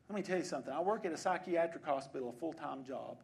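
A man, preaching a sermon as pastor of a church, shifting between quiet conversational asides and loud exhortations. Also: a little high, quick pace, vocal fry, hardly any pauses. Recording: congregation answering in the background. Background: congregation responding.

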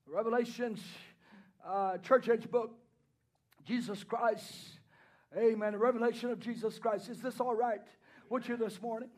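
A man preaching a sermon, swinging between hushed pleading and loud shouted declarations, punctuated by repeated hallelujahs and amens. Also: very high voice, fairly even intonation, measured pace.

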